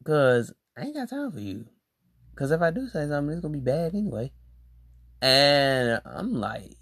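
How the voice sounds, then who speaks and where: Young adult host, rambling slangy storyteller, pitch jumps all over, dry close sound. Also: normal speed, slightly rough, no room sound. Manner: rambling and slangy, with animated exclaimed reactions. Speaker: podcast host. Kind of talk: casual storytelling monologue.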